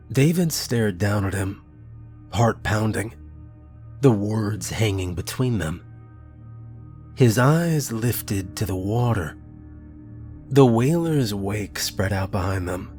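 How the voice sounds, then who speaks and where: Slow, low-voiced male horror narrator. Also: darkish tone. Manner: slow, measured storytelling.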